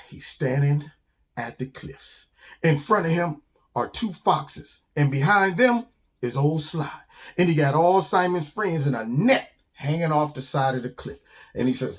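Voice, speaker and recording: A man hosting his own channel, telling a children's story in a casual, slangy, animated way. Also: sits high.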